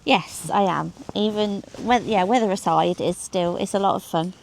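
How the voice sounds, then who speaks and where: A woman's voice: medium pitch, moderate pace, creaky. A woman on a motorcycle trip giving wry, laughing replies to her partner. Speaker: pillion passenger. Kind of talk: casual chat. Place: on a motorcycle outdoors, then a beach. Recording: noisy outdoor wind and traffic.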